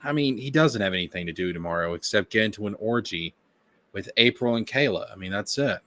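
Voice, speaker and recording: Animated man mocking in stream commentary. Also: on the low side, fairly quick. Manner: excitable, profane, mocking. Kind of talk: reaction commentary.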